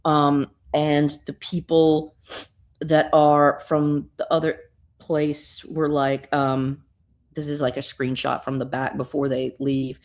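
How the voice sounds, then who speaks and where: A woman recapping a comic book in an animated, casual way, swearing freely and using lots of fillers. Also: deep voice, slow. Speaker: guest reviewer.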